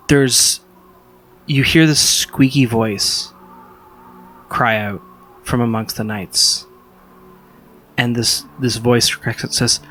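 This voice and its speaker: A man's voice: mid-range voice, bright, forceful tone. A man narrating a tabletop game as game master, describing scenes unhurriedly with fillers.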